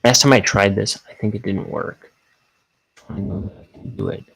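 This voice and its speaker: A man's voice: fairly low pitch, steady tone, normal speed, fairly bright tone, poor audio. A man who is a cartoonist, chatting casually and self-mockingly while he inks his comic on a livestream. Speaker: cartoonist streaming his inking.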